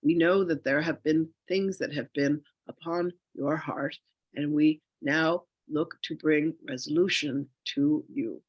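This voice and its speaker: A man voicing a solemn collective of ancient spirit masters who speak slowly and formally, humming between phrases. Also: fairly high pitch, fairly even intonation, dry recording, dull audio. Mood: solemn, tender. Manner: slow, formal, archaic speech with humming pauses.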